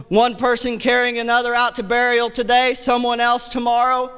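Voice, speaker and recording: A man preaching a sermon as associate pastor, with impassioned delivery that repeats phrases and rises to shouts. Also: very high-pitched, completely flat delivery, normal speed, smooth. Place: church sanctuary. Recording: church hall reverb.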